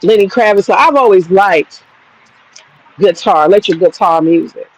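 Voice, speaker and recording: A woman's voice: medium pitch, moderate pace, rough recording. Profane, rambling woman telling a road trip story. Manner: works with her hands while talking. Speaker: streamer. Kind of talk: casual storytelling chat.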